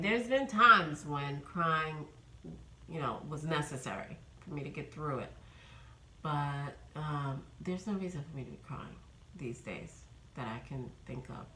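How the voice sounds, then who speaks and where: A woman's voice: low voice, bright, forceful tone, echoey room, slight background noise, poor audio. A woman in her fifties from New York, chatting casually in a rambling vlog update with many ums. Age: 50s. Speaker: vlogger.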